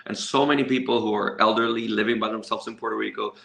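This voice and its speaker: A man's voice: fairly low pitch, fairly even intonation, fast, creaky, fairly bright tone, echoey room. A man leading a nonprofit, answering a panel question earnestly and reflectively. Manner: earnest, reflective, thinks aloud with restarts.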